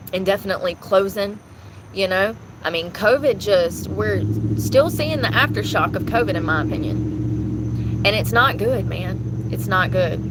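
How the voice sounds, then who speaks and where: A woman's voice: medium pitch, noisy background. A woman, rambling candidly to her viewers in a casual vlog, talking into the phone in her hand. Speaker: vlogger. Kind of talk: casual chat.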